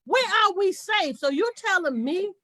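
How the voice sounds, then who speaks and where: Emphatic high-voiced woman activist. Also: expressive, moderate pace, a bit bright, no room sound. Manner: emphatic, passionate, repeating for emphasis. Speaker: activist panelist. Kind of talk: panel discussion on a podcast.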